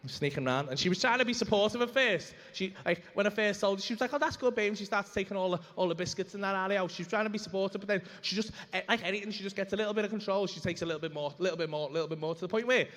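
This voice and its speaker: A man's voice: sits high, very fast, hardly any pauses, a bit bright. A man doing a stand-up routine on a comedy club stage, brash and sweary as he rambles through stories.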